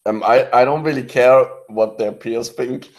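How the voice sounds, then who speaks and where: A man's voice: medium pitch, steady tone, a little slow. A man on a casual online group call, talking bluntly and matter-of-factly. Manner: blunt, dry and matter-of-fact. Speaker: guest in a group hangout. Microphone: computer mic on a video call.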